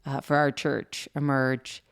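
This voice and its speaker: Smooth-voiced woman telling a lively story. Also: a bass voice, slow. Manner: animated storyteller, many fillers. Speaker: podcast co-host. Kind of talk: casual storytelling chat.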